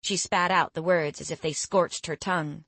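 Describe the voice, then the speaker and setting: A woman narrating a first-person fantasy audiobook in a steady, reflective storytelling manner. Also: fairly low pitch, moderate pace, no echo.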